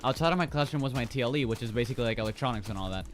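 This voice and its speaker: A man's voice: medium pitch, very fast, faint music behind. Rambling casual male streamer. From Philippines. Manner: rambling, filler-heavy storytelling. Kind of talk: casual chat.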